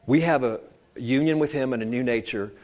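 A man's voice: medium pitch, brisk, a little mellow. Conversational male preacher. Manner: conversational, digressive, addresses listeners as saints. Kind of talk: informal sermon.

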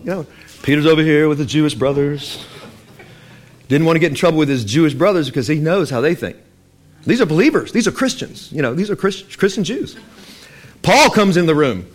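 A man's voice: fairly high pitch, lively intonation, fairly quick. A man preaching a sermon in a loose, conversational way, acting out the voices of Bible figures as he tells the stories. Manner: loose and conversational, with restarts and fillers.

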